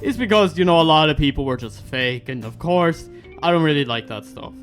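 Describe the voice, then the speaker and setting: Animated Irish young-man vlogger, ranting school stories; high, lively voice over faint music. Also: a little fast. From Ireland. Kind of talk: storytime vlog.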